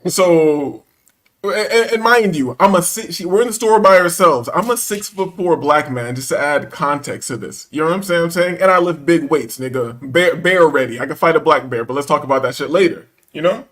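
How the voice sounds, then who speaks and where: A man's voice: on the high side, moderate pace, a bit bright. A man telling a story in casual chat, acting out the quotes and laughing often, with profane slangy banter.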